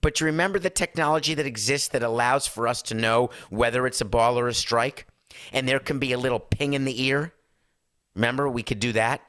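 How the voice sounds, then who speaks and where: A middle-aged man with a hoarse voice, ranting emphatically and sarcastically as a sports talk show host. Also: mid-range voice, a bit bright, no echo, studio quality. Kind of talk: impassioned talk-show rant.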